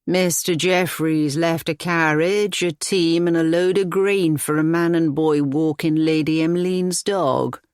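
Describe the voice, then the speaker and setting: A narrator voicing a loyal old male cottager who talks slowly and plainly. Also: mid-range voice, fairly even intonation, clear, resonant tone, dry recording, studio quality, natural voice. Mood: gruff. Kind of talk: audiobook character voice.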